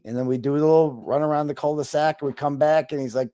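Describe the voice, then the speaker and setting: Chatting over a video call, a male guest spins a lively, expletive-heavy story. His mid-range voice is fast, clear and resonant, captured in a dry, studio-quality recording.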